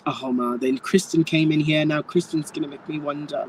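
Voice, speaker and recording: A man's voice: a little high, steady tone, normal speed, slight background noise, low-quality recording. A man giving a live tarot reading to viewers, speaking frankly and campily, calling people darling and swearing freely. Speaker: tarot reader.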